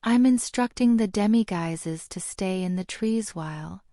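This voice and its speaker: A woman voicing a stern elderly witch who speaks in a firm, measured way. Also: medium pitch, warm tone, no room sound, studio quality, natural voice. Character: stern elderly witch, calm creature expert.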